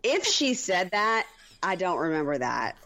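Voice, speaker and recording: A woman's voice: lowish voice, very animated, a little slow, background noise. A woman co-hosting a podcast in casual recap chat, wry, acting out quotes with exaggerated voices. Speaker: podcast co-host.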